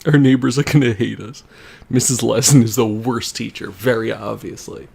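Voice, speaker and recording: A man's voice: mid-range voice, fairly even intonation, normal speed, gravelly, darkish tone, husky. A young man on a livestream reading a fan story aloud for comedy, often breaking into laughter and wry asides. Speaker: livestreamer reading for a charity stream.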